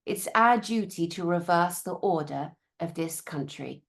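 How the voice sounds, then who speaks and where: A woman's voice: fairly low pitch, lively intonation, unhurried, vocal fry. A woman with a British accent speaks as a conference speaker, blunt and sarcastic. She swears freely and slips into mocking voices when she imitates officials. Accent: British English. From Britain. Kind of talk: conference talk.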